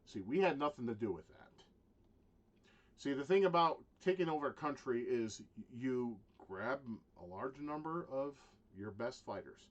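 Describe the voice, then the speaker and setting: Guy ranting on his vlog, swears a ton, goes from mumbly to yelling, keeps restarting, mid-pitch. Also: animated, highs cut off. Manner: profane, swings from low muttering to loud shouting; halting, with many restarts. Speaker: vlogger. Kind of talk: ranting monologue.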